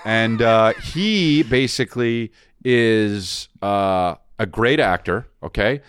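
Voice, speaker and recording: A man's voice: on the low side, takes it slowly, clean tone, no echo, studio quality. A man co-hosting a podcast in casual, teasing banter, rambling and plugging his tour dates. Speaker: podcast co-host and touring comedian.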